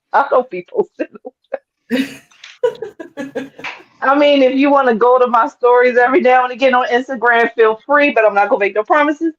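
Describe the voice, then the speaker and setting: A woman co-host in casual chat, laid-back and offhand, laughing often. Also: on the high side. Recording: muffled lo-fi.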